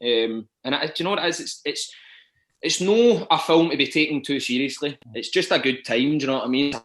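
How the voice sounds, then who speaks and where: A Scottish man talking in a relaxed podcast chat, his voice bright and forward. He hesitates a lot, with ums and restarts as he finds his words. The room sounds echoey. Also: a little high, a little fast. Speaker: actor and podcast guest. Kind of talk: casual chat.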